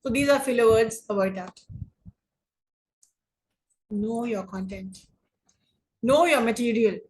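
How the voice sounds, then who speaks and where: Woman, English teacher, online lesson; unhurried, repetitive phrasing, slightly high voice. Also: poor audio. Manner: slow, deliberate, repeats and rephrases points. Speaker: English lecturer. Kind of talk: online class lecture on debating.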